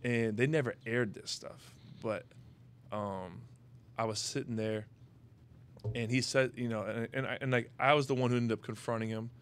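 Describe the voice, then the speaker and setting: A man's voice: medium pitch, steady tone, moderate pace, a little hiss or hum. A young man hosting a podcast, telling personal stories in a loose, rambling way, full of "you know what I mean" and casual swearing. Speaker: podcast host. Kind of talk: casual chat, personal storytelling.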